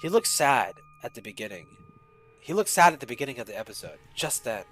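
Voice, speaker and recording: A male streamer reading a creepy fan story aloud, animated and full of swearing asides. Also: medium pitch, a little fast, faint music behind, low-quality recording.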